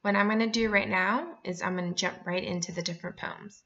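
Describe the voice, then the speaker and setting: A woman teacher giving a remote lesson, explaining clearly and slowing down to spell out each point. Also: mid-range voice, steady tone, a bit bright, highs cut off. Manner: clear and instructive, reads poems aloud, slows down to explain.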